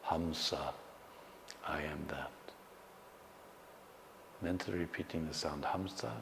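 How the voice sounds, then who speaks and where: A man, a meditation teacher, guiding a slow, calm meditation with long pauses. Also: deep voice. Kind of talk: guided meditation. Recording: long hall reverb, faint background noise.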